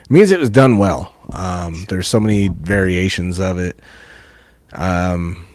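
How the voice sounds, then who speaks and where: A man co-hosting a podcast, chatting in a laid-back, measured way. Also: sits low, darkish tone, dry recording. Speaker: podcast co-host. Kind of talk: casual chat.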